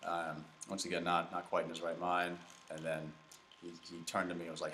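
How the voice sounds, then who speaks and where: Deep-voiced man telling rambling stories. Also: fairly even intonation, fairly quick, fairly bright tone. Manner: rambling storytelling with fillers and restarts. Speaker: comedy podcast host. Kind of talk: casual chat while gaming. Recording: echoey room.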